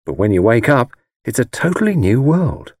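A man narrating a novel in a measured, reflective storytelling manner. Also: medium pitch, big pitch swings, a little mellow, slightly rough, no room sound. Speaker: audiobook narrator. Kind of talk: audiobook narration.

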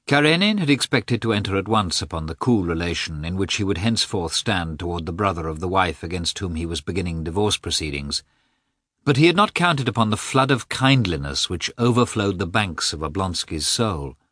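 A man narrating an audiobook in an expressive, measured reading. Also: deep voice, dry recording, studio quality. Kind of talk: scripted narration.

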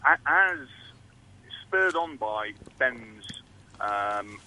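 Bright-voiced man chatting on the radio. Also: mid-range voice, lively intonation, drawn-out words, low-quality recording. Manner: hesitant, many fillers and restarts. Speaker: rugby guest. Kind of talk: casual radio chat.

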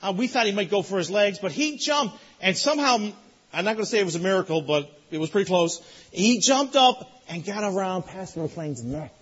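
A man preaching a sermon as a pastor, telling a lively story that builds in excitement. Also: high-pitched, fairly quick, breathy edge, lo-fi sound. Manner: animated storytelling, rising loud in excitement.

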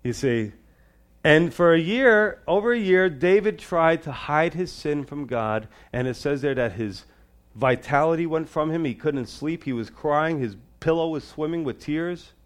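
A man preaching a sermon as pastor, shifting between loud, high emphasis and quiet, low asides. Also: measured pace.

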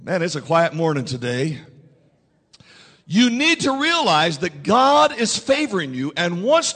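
A man's voice: a little high, huge pitch swings, unhurried, fairly bright tone, long reverb tail. A man, the pastor, preaching a sermon to his congregation and leading call-and-response. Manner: preaching with rising intensity and call-and-response prompts. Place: church sanctuary.

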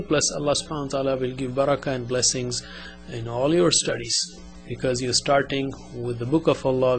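A man teaching Quranic Arabic words to students, calling each word out and then repeating it softly in a patient, measured classroom manner. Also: a little high, gravelly. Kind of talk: classroom language lesson with repetition drills.

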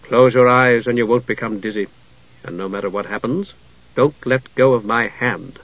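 A man's voice: medium pitch, normal speed, close to an everyday voice. A man voicing a stern, cold female sorceress who gives clipped commands, on a dull lo-fi recording.

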